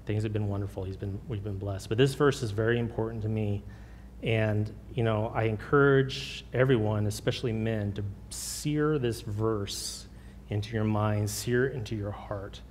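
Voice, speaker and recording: A man preaching an informal sermon with personal testimony, earnest and halting, with many fillers and restarts. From Oregon. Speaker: lay preacher. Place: church sanctuary. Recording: long hall reverb, faint rumble.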